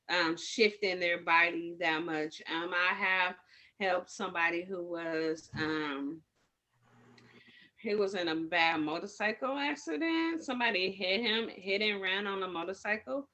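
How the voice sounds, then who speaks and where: A woman gives an informal training talk to community medics. Her voice is bright and sharp at a middling pitch. She rambles, restarts her sentences and fills them with slang as she tells her stories. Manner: rambling, self-correcting, lots of fillers, street slang.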